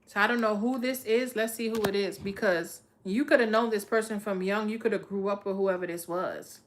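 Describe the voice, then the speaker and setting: A woman doing a live tarot reading, speaking. She is blunt and profane, talking to viewers in a streetwise, no-nonsense way. Her voice sits at a middle pitch. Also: fairly even intonation, fairly quick, noisy background. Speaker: tarot reader.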